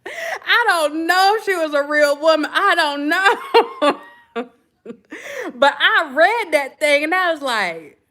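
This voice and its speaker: A woman's voice: sits high, expressive, takes it slowly, pauses often, pushed and bright. A woman, telling a gossip story in casual chat and laughing often. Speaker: vlogger.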